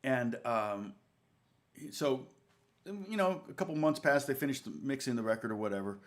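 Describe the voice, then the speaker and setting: Male guitar teacher, mid-pitched voice, loose anecdotal delivery, stops often to correct himself. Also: lively intonation, moderate pace. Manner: rambling, self-correcting, chuckling anecdote. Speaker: guitar teacher and channel host. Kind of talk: casual storytelling in a lesson.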